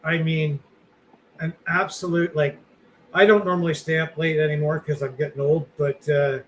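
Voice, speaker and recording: A man's voice: fairly high pitch, a bit bright, a little hiss or hum, poor audio. A middle-aged man co-hosting a podcast, chatting casually in a rambling, self-deprecating way with lots of fillers. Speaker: podcast co-host. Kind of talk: casual chat.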